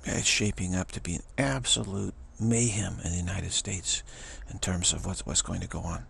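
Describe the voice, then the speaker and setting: A man giving rambling spiritual commentary, chuckling and halting with many restarts. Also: sits low, fairly even intonation, vocal fry, a bit bright, slight background noise.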